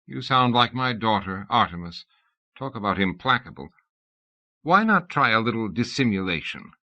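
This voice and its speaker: A man voicing a cunning old male god who coaxes in a smooth, persuasive way. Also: lowish voice, sing-song, moderate pace, pushed and bright, no echo, exaggerated voice. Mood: coaxing. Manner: coaxing, persuasive. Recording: dull lo-fi audiobook tape.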